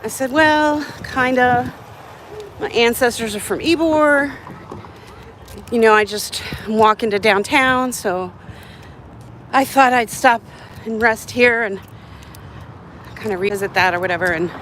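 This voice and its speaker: A woman's voice: on the high side, measured pace, pauses often, a bit bright, slight background noise, poor audio. Chatty breathless woman livestreaming outdoors. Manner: chatty, acts out quoted voices. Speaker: live-streamer. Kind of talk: casual storytelling livestream. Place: outdoors on a hot city street.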